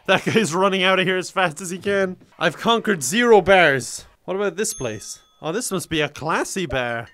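A young man in his twenties with an Irish accent, giving joking, excitable gameplay commentary and often yelling and laughing. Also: sits high, moderate pace, hardly any pauses, dry recording. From Ireland. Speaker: gaming YouTuber.

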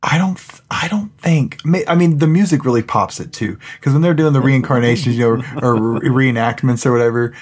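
A man co-hosting a paranormal podcast, talking in an excitable, rambling way with frequent laughs. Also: medium pitch, a little fast, hardly any pauses. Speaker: podcast co-host. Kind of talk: casual chat.

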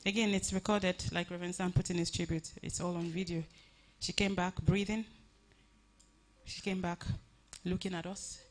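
A woman giving a personal tribute at a funeral service, telling her story earnestly with many halting restarts. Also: on the low side, level tone.

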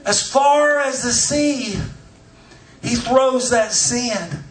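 A man preaches in a high voice, swinging from soft asides to loud shouted declarations. He sounds as if he is recorded from a distance in a reverberant church. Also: very slow. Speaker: pastor. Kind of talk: sermon. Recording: echoey church from far off.

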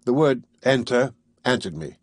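A man reading a classic novel aloud in a measured first-person storytelling manner. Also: mid-range voice, animated, breathy edge, no room sound, studio quality. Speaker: audiobook narrator. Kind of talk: scripted audiobook narration.

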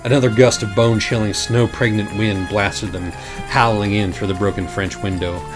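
Man, low voice, comic dramatic reading, wry, theatrical. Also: little pitch movement, normal speed, music in the background. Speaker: reader of a parody storybook.

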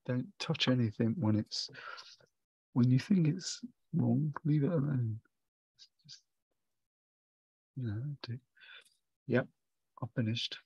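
A man's voice: mid-range voice, takes it slowly, vocal fry, pauses often, a little mellow, slightly rough, dry recording, muffled recording. A man giving a casual watercolour painting demonstration, chatty and rambling as he thinks aloud. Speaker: watercolour tutor.

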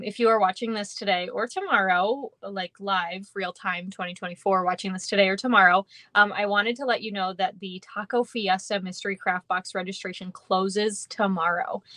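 A woman's voice: mid-range voice, sharp tone, dry recording. A woman hosting a live stamping class, chatting casually and rambling with many fillers and frequent laughs. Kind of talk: casual livestream chat.

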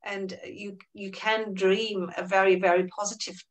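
A woman, a Buddhist therapist and teacher, answering interview questions in a calm, explanatory way, sometimes dropping very soft. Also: medium pitch, measured pace, distant mic, rough recording.

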